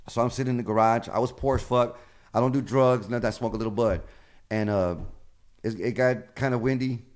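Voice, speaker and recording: A man, a comedian guest, telling casual stories with lots of swearing and acted-out dialogue. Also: fairly low pitch. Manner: animated, acts out quoted dialogue, swears freely. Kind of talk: casual storytelling.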